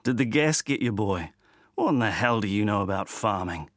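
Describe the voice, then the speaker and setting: A man voicing a gruff, mocking older father in an audiobook, over a dry recording. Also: fairly low pitch, expressive, normal speed, a bit bright, no echo. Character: scornful bullying older father.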